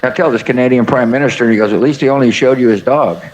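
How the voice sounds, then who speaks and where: Seventies man, former statesman guest; folksy, halting delivery, filler-heavy anecdotes. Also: medium pitch, darkish tone, highs cut off. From United States. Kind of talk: anecdotal interview answers.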